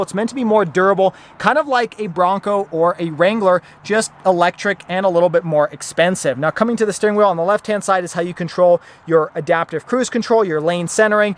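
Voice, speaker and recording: Upbeat high-voiced car reviewer man. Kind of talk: product review walkthrough.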